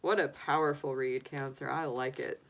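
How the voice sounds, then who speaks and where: A woman giving a live tarot reading in a chatty, animated way, laughing often between points. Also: extremely low pitch, moderate pace, vocal fry, a little hiss or hum. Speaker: tarot reader.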